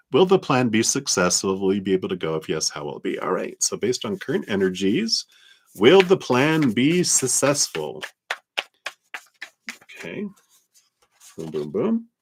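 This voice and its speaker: Low-voiced man giving a tarot reading. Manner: gentle, reflective, laughs often. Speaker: tarot reader. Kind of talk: live-stream tarot reading.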